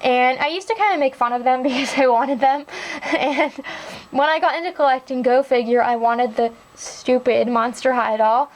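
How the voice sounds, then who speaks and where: A young woman with a high, light voice talks through her collection in a relaxed, chatty way. She gushes with "like" and "really, really," the easy show-and-tell tone of a hobby vlog. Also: normal speed, rough recording. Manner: chatty and enthusiastic, with frequent "like" and "really, really". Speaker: doll collector vlogger. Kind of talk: casual show-and-tell narration.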